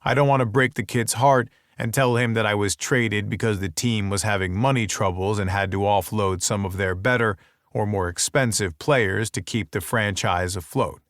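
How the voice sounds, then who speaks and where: A male audiobook narrator with a fairly low voice reads a first-person romance, wry and intimate like a private inner monologue. He is close to a studio mic in a dry, dead room, keeping a steady, fairly bright tone at a moderate pace.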